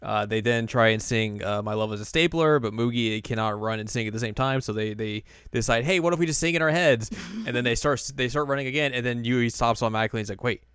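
A young man casually recapping anime episodes for a podcast, animated and breaking into quoted voices. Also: medium pitch, fast talker, hardly any pauses, smooth, dry recording, clean studio sound. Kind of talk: casual chat.

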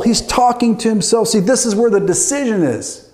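A man's voice: high voice, moderate pace, a little mellow, reverberant. A man preaching a sermon emphatically, calling out to an online congregation. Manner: emphatic preaching with call-outs to the audience. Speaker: pastor. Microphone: online streamed service.

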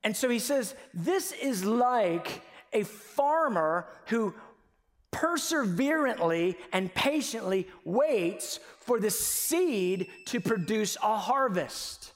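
A man preaching a sermon with passion, moving from quiet, conversational stretches to sudden shouted emphasis. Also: high-pitched, expressive, slow pace. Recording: long reverb of a large hall.

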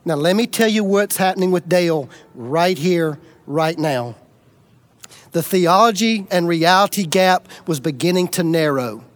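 High-voiced man preaching a dramatic sermon. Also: measured pace. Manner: dramatic, shifts between loud bursts and quiet intensity; plainspoken, folksy humor. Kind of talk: storytelling sermon.

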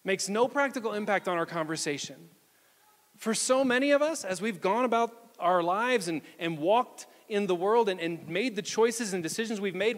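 A male pastor preaching a sermon in a church, reading scripture aloud and explaining it with animated delivery. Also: high-pitched, long reverb tail. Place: church sanctuary.

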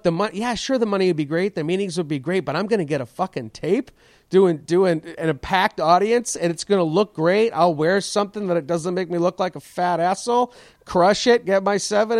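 Profane, animated male comedian telling a story. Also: high-pitched, no room sound, studio quality. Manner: animated, swearing, self-mocking. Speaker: comedian podcast host.

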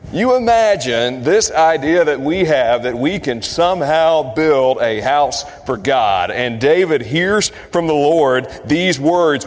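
A man's voice: lively intonation, slow, few pauses. Preaching man in a reverberant hall. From Kentucky. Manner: varies pace and pitch for emphasis, quotes scripture. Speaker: pastor. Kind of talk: sermon.

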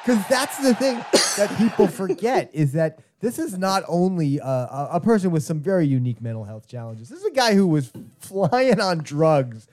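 A man co-hosting a casual podcast chat, halting and repeating words as he talks. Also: high-pitched, big pitch swings, darkish tone. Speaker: podcast co-host.

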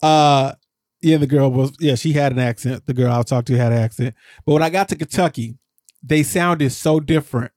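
A man co-hosting a podcast, rambling through a casual recap and jumping up in pitch when he gets exasperated. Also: normal speed, darkish tone, no echo, studio quality. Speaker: podcast co-host.

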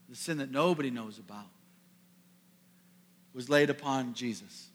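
A pastor from the Midwest preaching a sermon to a congregation, earnest, building to emphatic peaks and dropping soft. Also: male voice, medium pitch. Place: church sanctuary. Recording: long reverb of a large hall.

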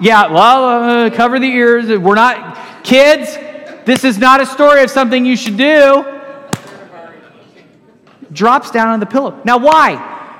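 A man preaching a sermon, telling stories with animated swings between loud and hushed delivery. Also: very high-pitched, big-room sound. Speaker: pastor.

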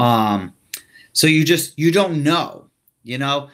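A man's voice: on the high side, animated, slow pace, fairly bright tone. A young man hosting a casual wrestling chat podcast, laid-back and self-mocking, rambling with lots of fillers. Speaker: podcast host.

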